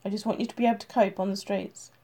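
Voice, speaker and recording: A woman voicing a gruff male police chief who is firm and blunt with his detective, in an audiobook reading. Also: medium pitch, steady tone, rapid-fire, mellow.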